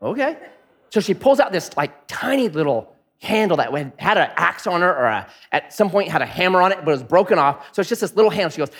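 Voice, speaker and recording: A middle-aged man preaching a sermon, telling stories and swinging between punchy lines and hushed asides. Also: high voice, sing-song, quick pace, husky. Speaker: pastor. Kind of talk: sermon with storytelling.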